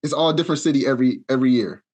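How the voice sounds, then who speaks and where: Animated, slangy man retelling a show. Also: medium pitch, rapid-fire. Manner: animated storyteller, acts out quotes in shifting voices; loose, slangy, with frequent fillers. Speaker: podcast co-host. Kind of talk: casual chat.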